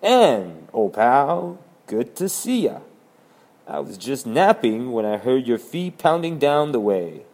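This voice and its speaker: A man's voice: medium pitch, very animated, slow, a little mellow, voice pushed up, heavily acted. A man doing a lazy carefree grasshopper. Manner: breezy, lazy, friendly. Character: lazy carefree male grasshopper, easygoing and laughing.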